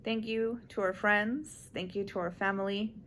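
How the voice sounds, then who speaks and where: A young woman, an expectant mother, speaking softly and with emotion in a casual, grateful chat from a hospital room. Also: medium pitch, fairly even intonation, normal speed, a little hiss or hum. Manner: soft-spoken, emotional, grateful.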